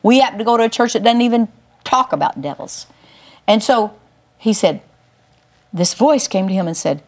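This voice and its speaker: An older woman giving a Christian teaching through a personal testimony, telling it emphatically with big swings up in pitch. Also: expressive, normal speed, long pauses. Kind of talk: testimony-style Bible teaching.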